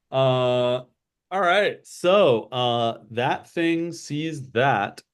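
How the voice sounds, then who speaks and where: Male game master, relaxed slow delivery, rambling narration. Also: medium pitch, clean tone. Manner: unhurried, full of fillers. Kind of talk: running a tabletop game.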